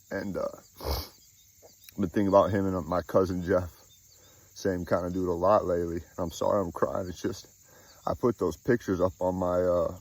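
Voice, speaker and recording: A man in his thirties with a deep, low voice talks outdoors in the countryside, sniffly from a cold. His spiritual talk is unscripted, rambling and heartfelt. He often stops and restarts his sentences. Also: no room sound, poor audio. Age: 30s. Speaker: faith vlogger.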